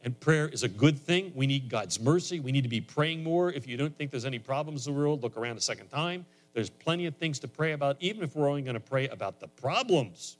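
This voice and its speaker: A man preaching a sermon in a conversational way, his voice rising higher and louder on emphatic lines. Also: animated, a little fast, hardly any pauses. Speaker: pastor.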